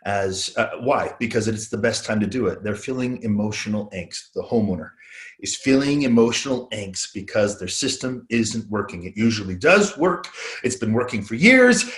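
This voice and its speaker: A man's voice: on the low side, lively intonation, moderate pace, fairly bright tone. A middle-aged man giving a sales training talk, earnest and motivational, repeating his key phrases.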